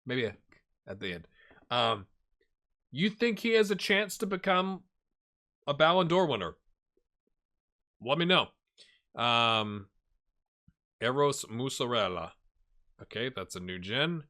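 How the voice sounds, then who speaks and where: A man narrating a game on his channel in a casual, chatty way, puzzling over results out loud. His voice is bright and forward. His pitch bounces around a lot as he reacts. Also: big pitch swings, takes it slowly, pauses often. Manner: chatty, thinks aloud, reacts with surprise. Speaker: gaming YouTuber. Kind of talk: casual video game commentary.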